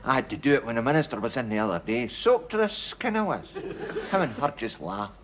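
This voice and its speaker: A man's voice: mid-range voice, big pitch swings, brisk, natural voice. A man playing a grumbling Scottish parrot. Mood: mocking. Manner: grumbling, muttering complaints. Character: grumpy male pet parrot, put-upon and sulky. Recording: old TV sketch with loud studio audience laughter and noise.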